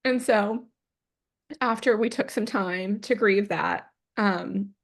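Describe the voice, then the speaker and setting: A woman in her forties, a podcast guest, telling a personal story in a lively, unfiltered way, acting out what people said. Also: mid-range voice, slow, creaky. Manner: animated, acts out quoted dialogue, swears freely.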